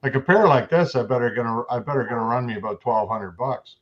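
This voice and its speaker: A man's voice: medium pitch, fast talker, dull audio, slight background noise. A man in a casual live stream chat, agreeable and chatty, often chiming in.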